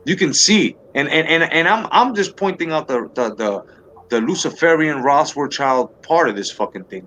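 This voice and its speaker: A man in mid pitch, hosting a live talk stream and ranting hard against his opponents. He swears constantly, repeats himself and stumbles through restarts. A faint hiss of noise sits under his voice. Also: a bit bright. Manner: profane, heated, repeats himself and restarts often. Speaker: livestream talk show host. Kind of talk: heated political rant to a live chat.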